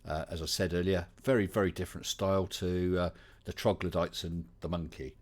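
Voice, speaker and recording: A man's voice: sits low, flat delivery, a little fast. A man with an English West Country accent hosting a casual livestream chat, chatty and welcoming, with many fillers. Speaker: livestream host.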